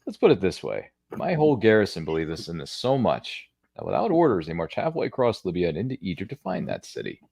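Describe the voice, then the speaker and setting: A man imitating a brash young male adventurer and former soldier, with a slow, low drawl. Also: wildly swooping pitch, gravelly, a little mellow, no room sound, studio quality, heavily acted. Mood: wry.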